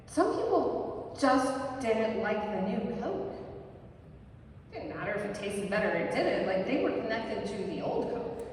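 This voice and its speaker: A woman giving a live workshop talk to an audience, energetic and often ending points with a quick "right?". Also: mid-range voice. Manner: energetic, ends points with tag questions. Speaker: workshop presenter. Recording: very echoey hall, mic far off, faint noise.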